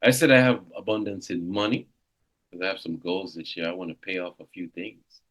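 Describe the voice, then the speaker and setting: A man in his fifties, a real estate coach, leading a motivational coaching session with an animated, exclamatory delivery. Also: deep voice, fairly quick. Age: 50s. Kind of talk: coaching seminar.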